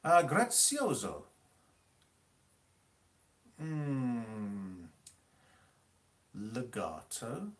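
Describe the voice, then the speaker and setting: Lively man hosting a music quiz. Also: mid-range voice, very slow, long pauses. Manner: teasing, strict about spelling and rules. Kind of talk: live-streamed quiz hosting.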